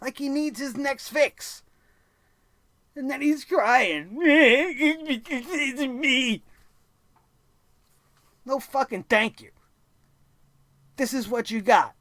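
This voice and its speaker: A man's voice: very high voice, takes it slowly, pauses often, a bit bright, no echo. A man hosting a wrestling review show, ranting angrily and sarcastically and swearing constantly.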